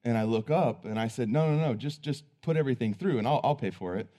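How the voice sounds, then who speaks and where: A man's voice: medium pitch, fast talker, dark tone. A man preaching, telling a personal story in an earnest, conversational way. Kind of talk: sermon storytelling.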